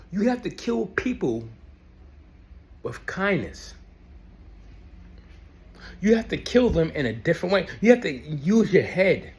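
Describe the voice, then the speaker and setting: Angry man ranting, lively pitch. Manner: angry, profane, repeats his phrases. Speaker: ex-Jehovah's Witness vlogger. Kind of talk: heated personal rant to camera.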